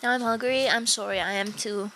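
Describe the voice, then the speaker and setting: A young woman streams a game and chats with her viewers in a high, bright voice. She giggles a lot and swears easily. A faint hum sits under her voice. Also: steady tone, fairly quick, rough recording. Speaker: livestreamer. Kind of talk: casual gaming livestream chat.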